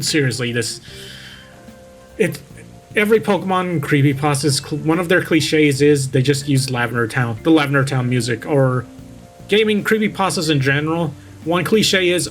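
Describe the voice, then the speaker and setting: A man's voice: a little high, normal speed, faint music behind, poor audio. A young man reading a cheesy horror story aloud as a VTuber, constantly stopping to mock it, swearing and picking at its grammar. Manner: mocking, swears freely, interrupts his own reading. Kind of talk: story reading with sarcastic commentary.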